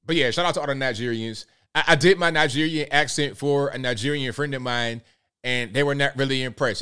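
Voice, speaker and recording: A man's voice: mid-range voice, fairly quick, bright, forceful tone, clean tone. A man hosting a live political commentary show, talking to his audience in a casual, direct, folksy way and repeating points for emphasis.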